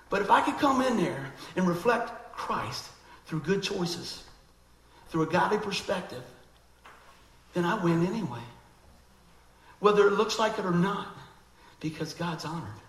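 Animated preacher with a gravelly voice. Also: male voice, high-pitched, unhurried, pauses often, roomy sound, poor audio. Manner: animated, conversational, acts out quoted voices. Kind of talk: sermon.

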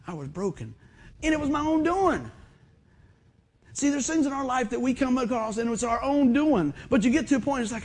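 A man preaching a sermon in a folksy storytelling manner, swinging from loud bursts to quiet asides. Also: extremely high pitch, animated, moderate pace, breathy edge. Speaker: pastor.

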